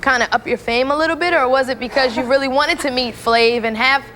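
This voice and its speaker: A woman's voice: sits high, fairly quick. A woman hosting a reunion show, upbeat and prodding the guests with questions. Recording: loud studio crowd and noise.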